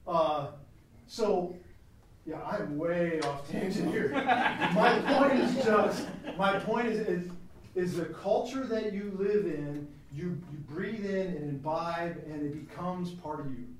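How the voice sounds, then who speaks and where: A man's voice: high voice, slow pace, a crowd in the background. Chatty man lecturing in an echoey room. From United States. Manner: chatty and animated, with asides and laughs. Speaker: teacher of a Christian class. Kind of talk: classroom lecture. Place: classroom. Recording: very echoey room, mic at a distance.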